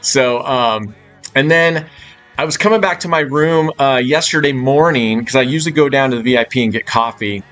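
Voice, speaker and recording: A man's voice: mid-range voice, moderate pace, a bit bright. Brief: man, casual live-stream host, loose and profane, mid-range voice, faint music underneath. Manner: swears freely, chatty and loose. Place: hotel suite.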